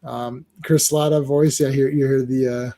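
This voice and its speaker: A man's voice: medium pitch, level tone, normal speed, mellow. A man hosting a casual chat, talking animatedly with lots of fillers and often acting out the characters he describes. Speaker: host.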